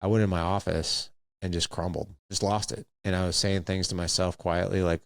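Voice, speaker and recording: A man hosting a podcast, telling a personal story in a candid, animated way with acted-out quotes. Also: deep voice, a little fast, vocal fry, no room sound, clean studio sound. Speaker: podcast host.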